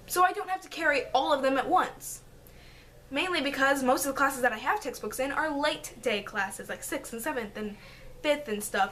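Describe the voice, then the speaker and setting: In her bedroom, a teenage vlogger tells a casual story to her camera, high and bright-voiced, energetic and giggly, acting out the quotes in each conversation. A faint room hum sits beneath her voice.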